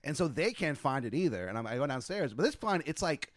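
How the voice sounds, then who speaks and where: A man hosting a podcast, chatting casually and telling lively stories from restaurant work, acting out both sides of the exchanges. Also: fairly high pitch, fast talker, no room sound, clean studio sound. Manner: animated storyteller, acts out quoted exchanges. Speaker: podcast host. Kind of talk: casual chat.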